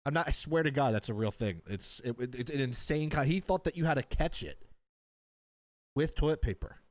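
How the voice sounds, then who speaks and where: A man's voice: mid-range voice, brisk, dry recording. A young man streaming a reaction to a TV episode, talking casually with disbelief and rambling restarts. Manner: animated, incredulous, rambling with restarts. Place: home streaming setup.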